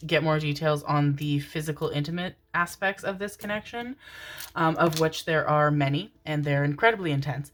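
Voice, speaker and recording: A woman with a low voice giving a tarot reading in a relaxed, rambling way. She speaks tenderly to her viewers, calling them her darlings and loves, and fills her pauses with soft "um"s. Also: slight background noise. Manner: affectionate, calls listeners "my darlings" and "my loves"; meandering, with many "um" fillers. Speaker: tarot reader.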